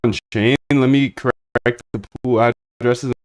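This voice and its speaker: While coding a trading bot on a live stream, this man chats casually with himself and his viewers, using slang and addressing everyone as dude. His voice is mid-range and steady, his pace measured, with no echo in the recording.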